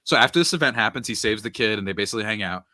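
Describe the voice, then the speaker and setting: A man chatting on a podcast in a lively, sharp voice that swoops up and down as he tells a story. The sound is close and dry, with no room around him. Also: fairly low pitch, very fast, no room sound. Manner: animated storytelling, retelling a movie scene by scene. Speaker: podcast speaker. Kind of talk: casual chat.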